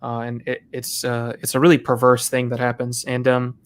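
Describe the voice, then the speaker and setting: A man speaking as a guest in a casual panel discussion, with a steady, even delivery. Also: mid-range voice, normal speed.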